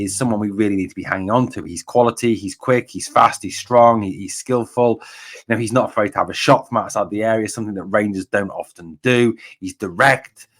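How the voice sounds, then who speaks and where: A man's voice: on the low side, a bit bright. A man hosting a football fan channel, delivering angry, emphatic solo commentary with lots of repetition. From Scotland.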